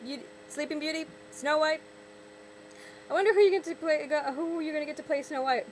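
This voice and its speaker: A woman's voice: sits high, steady tone, a little fast, slight background noise, low-quality recording. A young woman vlogger ranting sarcastically, exasperated, often repeating and restarting her words. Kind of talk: ranting vlog commentary.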